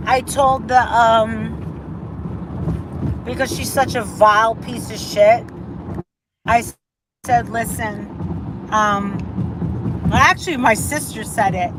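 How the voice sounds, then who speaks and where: Slow, profane woman telling a grudge story. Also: fairly high pitch, noisy background. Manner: drawn-out, profane retelling. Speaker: livestreamer telling her side. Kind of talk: slow storytelling on a live stream.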